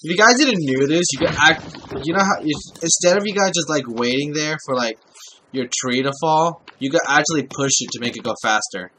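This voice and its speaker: Gamer guy, bright voice, loose muttering commentary, cusses, faint keyboard clicks behind. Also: on the high side, a little fast, slight background noise. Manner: swears often, talks to himself while playing. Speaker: gameplay commentator. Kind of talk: casual let's-play commentary.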